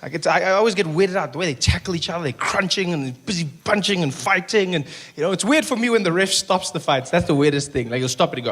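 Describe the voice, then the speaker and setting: A man with a South African accent performing an animated stand-up comedy set at a live venue, often slipping into character voices. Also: sits high, fast, few pauses. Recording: noisy live room recording, some echo.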